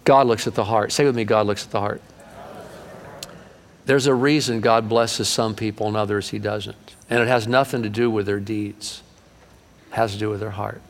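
A middle-aged male pastor preaching a sermon in a church, folksy and animated, slipping into acted-out voices. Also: on the low side, moderate pace. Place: church sanctuary. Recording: long reverb of a large hall.

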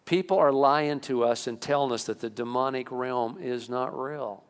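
A man preaching a sermon as pastor, animated, rising sharply in pitch to stress his points. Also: moderate pace, clear, resonant tone. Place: church sanctuary. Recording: long reverb of a church hall.

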